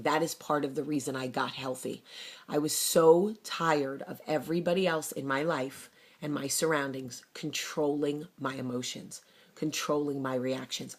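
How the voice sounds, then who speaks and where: Low-voiced fiery woman. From New Jersey. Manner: fiery, blunt, animated storytelling. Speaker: vlogger. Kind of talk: casual talk to camera.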